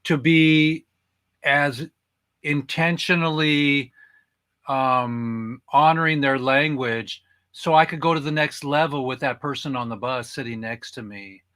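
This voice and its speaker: Bright-voiced male podcast host. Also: medium pitch, measured pace. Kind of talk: casual chat.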